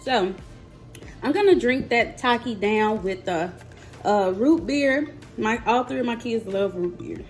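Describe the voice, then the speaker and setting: Soft music plays behind a fairly high-pitched woman from Mississippi, USA, who speaks slowly. She is a mother and vlogger tasting snacks, chatting playfully and directly to her viewers in a casual talk to camera.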